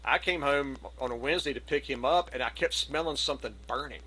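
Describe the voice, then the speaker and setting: A middle-aged man telling a long, animated anecdote on a video call, slipping into the voices of the people in it. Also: mid-range voice, a little fast, a little hiss or hum, poor audio. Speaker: community gathering participant. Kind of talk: casual storytelling.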